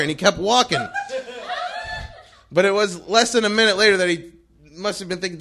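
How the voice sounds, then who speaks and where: Animated, high-voiced male storyteller. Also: fast talker, pauses often. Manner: animated, breathless, laughing through his story. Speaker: storyteller on stage. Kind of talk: live storytelling.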